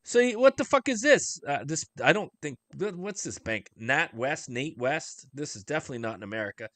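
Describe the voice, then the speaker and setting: A man's voice: on the high side, sing-song, a little fast, fairly bright tone, a little hiss or hum. A man hosting a livestream, commenting on video clips in an emphatic, profane rant full of rhetorical questions. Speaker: livestream host. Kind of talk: live-stream commentary over video clips.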